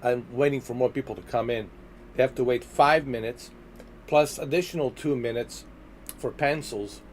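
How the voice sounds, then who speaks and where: A man chatting casually on a gaming livestream, rambling and laid-back, often trailing off quietly. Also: mid-range voice, fairly even intonation, moderate pace, a little hiss or hum. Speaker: livestreaming gamer.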